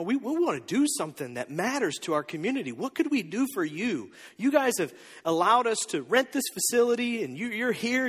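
Pastor, male, 30s: high, lively sermon voice that acts out the story, recorded in a hall with a long echo. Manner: animated storytelling, acting out the disciples' voices.

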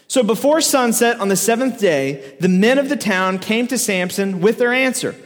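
Man, casual joking preacher, high voice, long hall echo. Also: moderate pace. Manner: joking, animated, laughs often. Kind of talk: casual storytelling sermon. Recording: echoey hall reverb.

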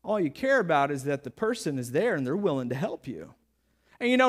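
High-voiced man preaching a sermon. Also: big pitch swings, a little fast. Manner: storytelling, conversational with playful sarcasm. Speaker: pastor.

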